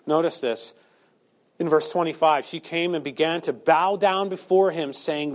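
A man's voice: on the high side, takes it slowly, pauses often. A male preacher delivering a sermon, asking the listeners rhetorical questions and acting out quotes.

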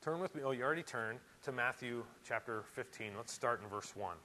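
A man preaching a sermon in a church, animated and emphatic, with sudden loud rises. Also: mid-range voice, a little fast, slight background noise, poor audio. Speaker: pastor.

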